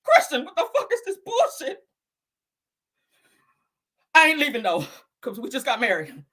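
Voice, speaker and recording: A woman acting out a furious newlywed wife confronting her cheating husband, shouting and cursing. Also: a little high, big pitch swings, brisk, heavily acted. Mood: angry.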